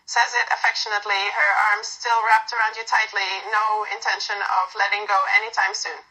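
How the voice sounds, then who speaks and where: A woman narrating a bright-voiced romance. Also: mid-range voice, flat delivery, normal speed, hardly any pauses, soft background music, low-quality recording. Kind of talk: second-person romantic story narration.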